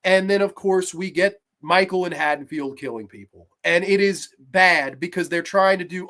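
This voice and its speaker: A horror movie reviewer ranting through a sequel with profane, sarcastic jabs, dropping to low grumbles and rising to loud mocking shouts. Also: animated, moderate pace, hardly any pauses.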